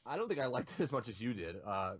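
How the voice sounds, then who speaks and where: A man's voice: medium pitch, sing-song, quick pace, fairly bright tone, breathy edge, dry recording, muffled recording. A man co-hosting a podcast, chatting casually and hesitantly, often restarting his sentences. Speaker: podcast co-host.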